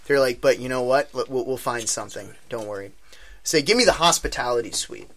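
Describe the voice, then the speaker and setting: Bright-voiced man telling a wild story. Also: medium pitch, fast talker. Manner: animated, profane, acts out voices. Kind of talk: casual storytelling among friends.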